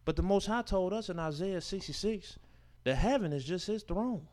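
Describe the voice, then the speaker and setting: Emphatic high-voiced male preacher. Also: animated, moderate pace, a little mellow. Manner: informal speech with dropped verb endings and rhetorical questions. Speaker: teacher of a Sabbath scripture class. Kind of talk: sermon, reading and explaining scripture.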